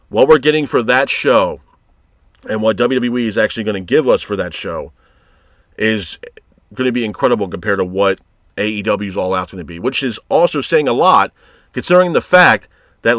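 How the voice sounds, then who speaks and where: A man's voice: mid-range voice, a bit bright, dry recording, clean studio sound. A man reviewing a wrestling show in a heated, profane rant, exasperated and blunt. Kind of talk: ranting commentary.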